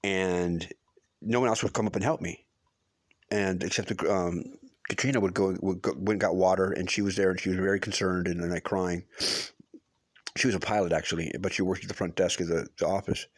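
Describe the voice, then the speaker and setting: A man's voice: low-pitched, fairly even intonation, fairly quick, no echo. A middle-aged man telling a personal story in a casual, rambling way, restarting often and swearing for emphasis. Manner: rambling, with many restarts and fillers.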